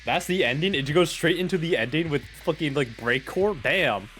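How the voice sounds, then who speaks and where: A man's voice: a little high, animated, moderate pace, fairly bright tone, faint music behind. A young man streaming a game live, chatting casually, rambling and stammering with self-mocking jokes.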